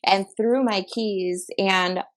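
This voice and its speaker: A woman's voice: medium pitch, steady tone, slow pace. A young adult woman, a podcast guest, earnestly and animatedly retelling a personal story with many filler words. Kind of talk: emotional storytelling.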